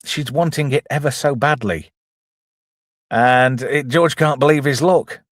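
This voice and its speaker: Speaking at a measured pace in a mid-range voice, this channel host and film reviewer walks through a comedy film scene by scene in a chatty recap, poking fun at himself as he goes. The audio is clean studio sound without room echo.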